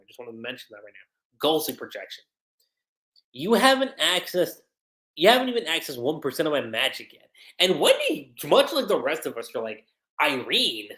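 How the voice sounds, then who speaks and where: An anime reviewer hosting a livestream, recapping an episode in an excitable, animated way with lots of fillers. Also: mid-range voice. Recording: roomy echo.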